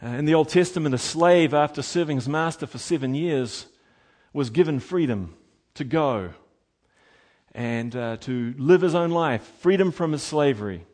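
A man preaching a sermon, animated and emphatic, moving between quiet asides and loud, lively passages. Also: fairly high pitch, normal speed. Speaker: pastor.

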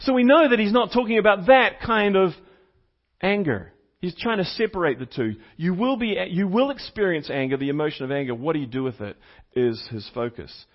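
A man's voice: high voice, expressive, fairly quick. A man preaching a sermon as a pastor, teaching step by step, repeating key points for emphasis, and putting questions to the congregation. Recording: slightly dull, lo-fi sound.

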